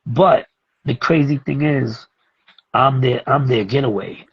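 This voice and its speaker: Husky New man telling stories. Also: mid-range voice, a little slow, muffled recording. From Brooklyn, New York. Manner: animated, acts out other people's lines as he tells a story. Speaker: music producer and teacher, guest. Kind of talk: casual storytelling interview.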